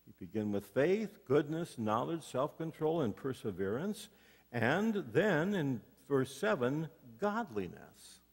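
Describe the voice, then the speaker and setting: A pastor with a slightly high, somewhat rough voice preaches unhurriedly, his pitch swinging widely. He tells folksy stories and puts rhetorical questions to the congregation, with long hall reverb from the church sanctuary.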